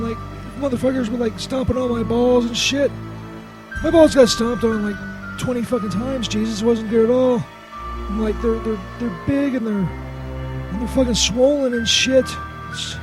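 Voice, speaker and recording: A man voicing a whiny, beaten-up male saint who swears, stammers and is constantly baffled, in a comedy radio bit. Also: very high voice. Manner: profane, stammering, bewildered. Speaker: co-host. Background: loud music.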